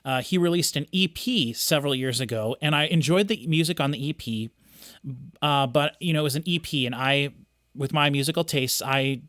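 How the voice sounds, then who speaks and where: A man's voice: fairly high pitch, normal speed, a bit bright, no room sound, clean studio sound. A man hosting a music reaction video, talking enthusiastically off the cuff and often restarting his sentences. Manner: enthusiastic, rambling with many restarts and fillers. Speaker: music reaction host, audio engineer. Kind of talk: casual unscripted commentary.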